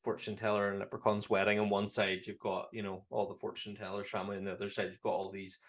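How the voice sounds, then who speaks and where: A man's voice: fairly low pitch, monotone, fast. A man with a Northern Irish accent, co-hosting a casual podcast. He chats loosely, swears freely and laughs often. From Northern Ireland. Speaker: podcast co-host. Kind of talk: casual chat reviewing a film.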